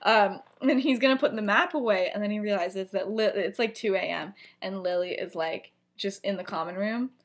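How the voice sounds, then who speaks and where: A woman's voice: mid-range voice, moderate pace, few pauses. A young woman co-hosting a podcast, casually retelling a fan story in a rambling way, full of "like" and "you know", acting out the characters' lines as she goes. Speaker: podcast co-host.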